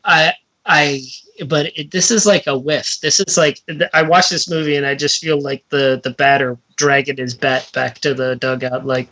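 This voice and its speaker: A man co-hosting a casual film podcast, telling jokey, animated stories about a movie. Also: on the high side, normal speed, rough recording. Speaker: podcast co-host. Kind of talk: casual film review chat.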